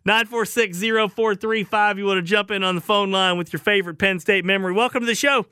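A Southern-accented man hosting call-in sports radio, with a forceful, bright voice pitched a little high. He tells rambling stories with chuckles in a dry studio. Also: steady tone, fast talker, clean tone, no room sound.

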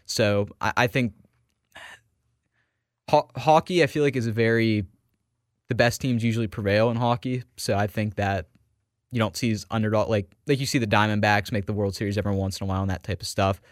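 A lower-voiced man co-hosts a sports talk radio show, talking fast and restarting his sentences as he gives his opinions. The sound is dry and close. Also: steady tone, no echo. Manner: quick, restarts, hedging opinions.

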